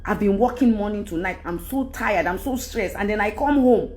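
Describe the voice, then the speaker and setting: A woman's voice: medium pitch, moderate pace, darkish tone. A middle-aged Nigerian woman with a Nigerian accent, giving an emphatic, rambling monologue to her followers. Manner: emphatic, rambling, switches into Yoruba. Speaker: celebrity speaking to followers. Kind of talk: candid monologue.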